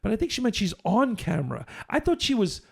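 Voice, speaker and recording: Male podcast host, casual storyteller, animated, gravelly, slightly high voice. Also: a little fast. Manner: animated anecdote telling, acts out voices.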